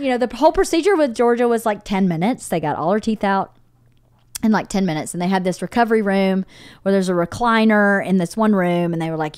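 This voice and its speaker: Animated storytelling woman, dry close sound. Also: medium pitch, fairly quick, smooth, dry recording. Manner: animated storyteller, acts out quotes, swears freely. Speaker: podcast host. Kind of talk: casual chat, storytelling.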